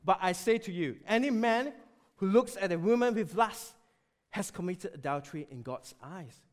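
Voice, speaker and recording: A man preaching a sermon, emphatic and animated, often dropping suddenly to a quiet voice. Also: high voice, moderate pace.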